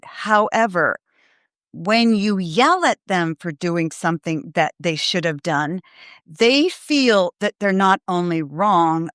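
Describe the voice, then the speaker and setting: A middle-aged woman with a fairly low voice hosts a parenting show. She speaks earnestly and emphatically, addressing parents directly. The sound is close and dry, with no room around it. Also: no echo. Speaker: parenting podcast host. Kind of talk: live Q&A advice talk.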